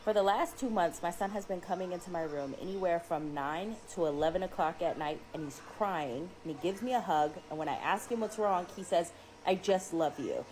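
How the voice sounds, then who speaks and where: A woman's voice: lowish voice, brisk, hardly any pauses, a little mellow, a little hiss or hum, rough recording. A mother telling a story to camera in casual speech, urgent and emphatic, acting out what her child said.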